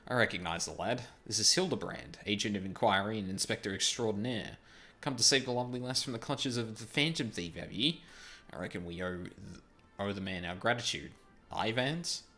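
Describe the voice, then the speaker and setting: A man putting on a hearty old sailor from a game, gruff and folksy, full of ye and aye. His voice has a bright, tense edge. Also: on the low side, fairly quick. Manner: folksy, rough dialect with ye and aye. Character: gruff old male seafarer, jovial.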